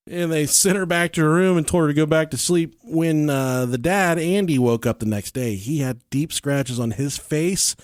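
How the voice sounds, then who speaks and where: A man's voice: a little high, normal speed, few pauses, dry recording, studio quality. A man hosting a podcast, telling stories in casual chat, swearing freely, joking and laughing as he goes. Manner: profane, joking, laughs often while telling. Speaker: podcast host.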